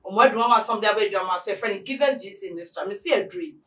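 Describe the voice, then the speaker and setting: A woman's voice: medium pitch, rapid-fire, pushed and bright, roomy sound, far from the mic, rough recording. A Ghanaian woman hosting a talk show, chatty and mixing English phrases into her talk. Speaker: show host.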